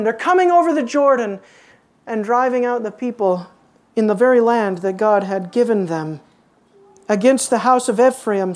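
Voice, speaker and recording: A woman with a fairly high voice preaches an expository sermon. She poses rhetorical questions to her listeners and drops to a hushed tone for emphasis.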